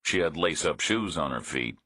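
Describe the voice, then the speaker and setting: A man narrating a thriller audiobook in a measured, understated reading. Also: very deep voice, lively intonation, bright, forceful tone, slightly rough, no echo, studio quality.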